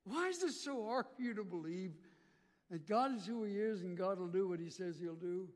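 Animated high-voiced preacher in a reverberant hall. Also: male voice, normal speed. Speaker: pastor. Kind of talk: sermon.

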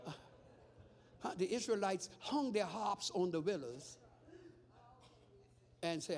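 A pastor preaching a sermon, calling out to the congregation and rising into shouts. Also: male voice, high-pitched, expressive, slow, long pauses.

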